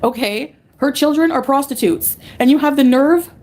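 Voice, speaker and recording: A woman's voice: high-pitched, moderate pace, a little mellow. Angry profane woman livestreamer ranting. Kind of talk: livestream rant at chat.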